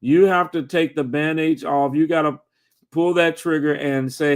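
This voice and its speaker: A man hosting a live video chat, reading out viewer questions and greeting viewers by name in a halting, friendly way. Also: a little high, fairly even intonation. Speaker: host. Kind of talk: casual livestream chat.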